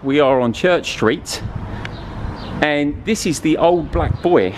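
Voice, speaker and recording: A man's voice: on the high side, lively intonation, slow. A man hosting a walking travel vlog outdoors, effusive and enthusiastic as he chats with strangers. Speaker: travel vlogger and host. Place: outdoors walking through a town. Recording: outdoor street with passing traffic.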